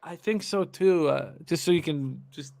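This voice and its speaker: A man's voice: fairly high pitch, unhurried, vocal fry, darkish tone, no echo, studio quality. Chatty man reading out betting comments. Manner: hesitant, many restarts, reads viewer comments aloud. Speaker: sports betting show host. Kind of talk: casual live-stream betting talk.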